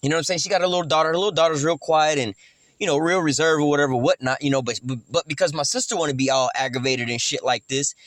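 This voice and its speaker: A man's voice: on the high side, quick pace, fairly bright tone, no room sound. A man preaching informally from the Bible, slangy and profane, rambling and repeating "man" and "you know what I'm saying". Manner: acts out quoted relatives in heated voices. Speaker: street preacher.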